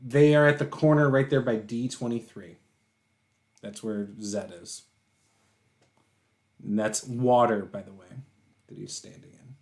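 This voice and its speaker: A man running a tabletop game as dungeon master, guiding players around the map in a relaxed way. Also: mid-range voice, unhurried, long pauses. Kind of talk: running a tabletop game over a video call.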